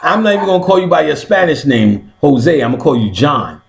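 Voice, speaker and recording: A man hosting a casual occult talk, swearing constantly and laughing, jumping between high excited yelps and low mutters. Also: a little fast, creaky. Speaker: host of an occult class stream. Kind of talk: casual profane chat.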